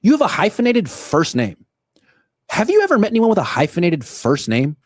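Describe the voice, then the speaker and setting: A young man hosting a solo sports show, ranting in animated, quick bursts. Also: sits high, no room sound, clean studio sound. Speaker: sports podcast host. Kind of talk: solo livestream commentary.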